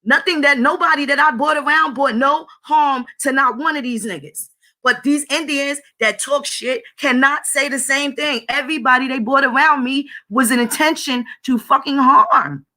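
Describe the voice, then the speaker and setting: Here a woman delivers a casual, profane, no-nonsense monologue to the viewers of her channel. Her high voice sounds pushed and bright.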